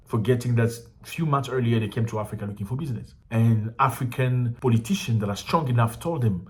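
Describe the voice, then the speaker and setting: A man's voice: on the low side, a little mellow. A man with a Congolese accent hosting a commentary show, talking in a passionate, rhetorical way and repeating his questions. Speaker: commentary channel host. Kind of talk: casual opinion commentary.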